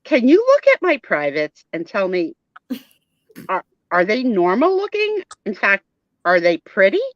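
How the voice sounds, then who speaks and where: A woman voicing a whiny, frightened female patient doll who squeals and sings loudly. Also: medium pitch, huge pitch swings, a little slow, dry recording, voice pushed up. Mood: excited. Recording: dull lo-fi dry sound.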